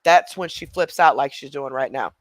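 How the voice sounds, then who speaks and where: A man's voice: mid-range voice, moderate pace, no echo. A man hosting a reaction video, chatting casually and talking straight to his viewers. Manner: chatty, addresses viewers directly.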